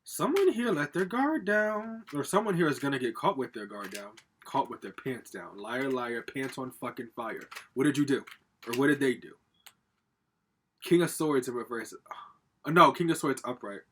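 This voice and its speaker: A man's voice: mid-range voice, lively intonation, moderate pace, a bit bright, slight background noise. A man giving a casual pick-a-card tarot reading at home, talking straight to viewers in a loose, profane, rambling way with plenty of fillers. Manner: rambling with frequent fillers and laughs. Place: home, with a laptop.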